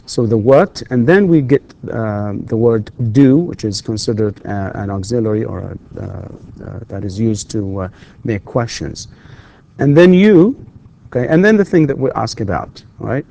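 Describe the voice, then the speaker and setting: A middle-aged male lecturer with a warm, mellow voice, a native Arabic speaker teaching English pronunciation. He speaks slowly and deliberately, repeating words to model them and hesitating with fillers and restarts while he explains grammar. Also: fairly low pitch, vocal fry. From Saudi Arabia. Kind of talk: recorded lecture.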